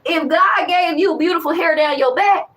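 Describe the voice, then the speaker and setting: A young woman talking casually and candidly to her viewers, animated and rambling, with frequent restarts. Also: extremely high pitch, moderate pace, distant mic, rough recording. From West Africa. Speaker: vlogger. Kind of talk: casual chat to camera.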